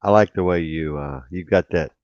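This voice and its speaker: Deep-voiced excitable man hosting a chat. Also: moderate pace, dry recording, dull audio. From rural farm upbringing. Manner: excitable, boastful, rambling. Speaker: host. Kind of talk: casual chat.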